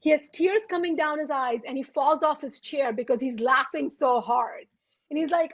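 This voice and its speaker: A high-voiced woman in her thirties tells a self-deprecating story with lively energy. She speaks over a video call, and the audio comes through muffled and lo-fi. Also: a little fast. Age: 30s. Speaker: guest author. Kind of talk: anecdotal storytelling.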